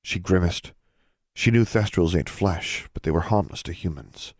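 A man narrating a fantasy audiobook in a steady, even storytelling manner. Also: low voice, moderate pace, no room sound, clean studio sound. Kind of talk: scripted narration.

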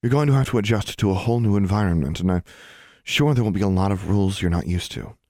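A man voicing a reassuring, oblivious mother in an audiobook, in his own low voice. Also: fast, darkish tone, dry recording, clean studio sound, natural voice.

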